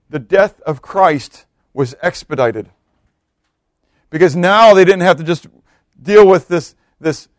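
A man preaching a sermon, swinging from loud emphatic bursts to hushed quiet lines. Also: a little high, dry recording, clean studio sound.

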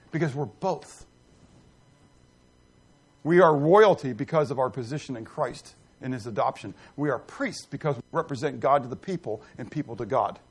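A man's voice: on the high side, slightly rough. Emphatic man preaching a sermon. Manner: emphatic, asks the congregation questions. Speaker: pastor. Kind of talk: sermon with scripture reading.

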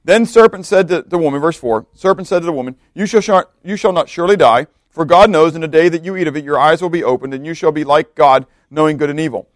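Guy pastor preaching, chatty, keeps asking the crowd questions, kinda high voice. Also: fast talker, few pauses, dry recording, studio quality. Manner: conversational preaching with repeated rhetorical questions. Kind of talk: sermon.

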